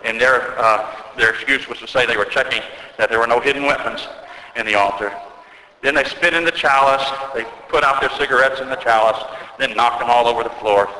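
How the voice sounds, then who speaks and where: Guy giving a sermon, bright forceful voice, big church echo hanging after every line. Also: mid-range voice. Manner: earnest storytelling preacher, slows for emphasis. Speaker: Orthodox priest. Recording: echoey church with long reverb.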